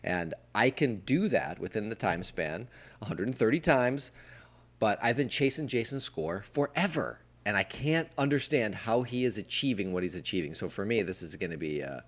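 A man with a lowish voice hosting a casual podcast chat. He explains things patiently, step by step, and gets enthusiastic as he goes. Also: animated, normal speed, fairly bright tone. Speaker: podcast host.

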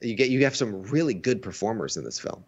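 Deep-voiced guy chatting on a stream, keeps restarting words, muffled lo-fi audio. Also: very animated, brisk, a little mellow, slightly rough. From United States. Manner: enthusiastic, restarts words often. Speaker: stream co-host. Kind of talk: casual chat. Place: Asia. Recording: dull lo-fi sound.

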